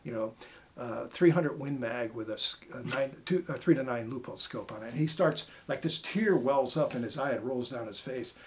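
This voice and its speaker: A man's voice: mid-range voice, normal speed, a little hiss or hum. A middle-aged man from Maine, a former TV hunting show host, telling stories casually as a podcast guest and acting out the voices of the people in them. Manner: animated storyteller who acts out quoted voices. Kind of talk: casual storytelling.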